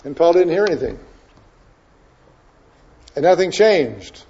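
High-voiced man preaching a sermon. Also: a little slow, breathy edge, lo-fi sound. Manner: conversational, expressive preaching with wide swings in loudness. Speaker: pastor.

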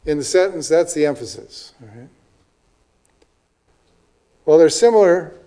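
A man with a notably high voice preaches a Bible-teaching sermon. He is earnest and keeps asking his listeners "okay?" or "right?". He slows down to read scripture with weight. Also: warm tone. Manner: reads scripture aloud slowly with emphasis. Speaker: pastor.

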